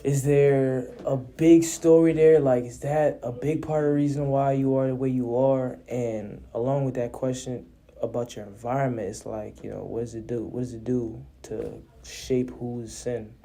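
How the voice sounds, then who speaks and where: An interviewer asking questions in a relaxed, playful way during a casual interview. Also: mid-range voice, normal speed.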